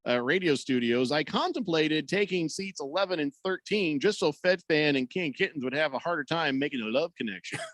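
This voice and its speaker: A man's voice: fairly high pitch, lively intonation, a little fast, hardly any pauses, a bit bright, dry recording. A man hosting sports talk radio in a studio, joking around and reading out listener comments. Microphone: studio microphone.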